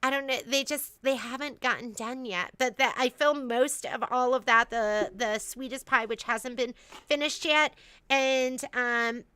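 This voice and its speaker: A woman with a high, bright and smooth voice chats through a store livestream. She rambles, full of fillers and restarts, and the sound is close and dry. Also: a little slow, no echo. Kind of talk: casual livestream chat.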